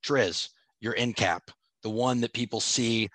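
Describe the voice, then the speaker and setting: A playful man riffs and jokes with his co-host on a podcast, his voice at an everyday middle pitch. The recording is dry and close, with no room sound. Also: measured pace, a bit bright, no echo. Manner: jokey, playful, bro-ish banter. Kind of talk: casual chat.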